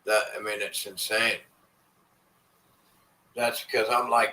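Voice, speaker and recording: A man's voice: on the low side, flat delivery, slow, long pauses, bright, forceful tone, low-quality recording. A man chatting casually with viewers on a live stream, rambling and swearing as he complains in frustration. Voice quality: profane, rambling. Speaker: vlogger.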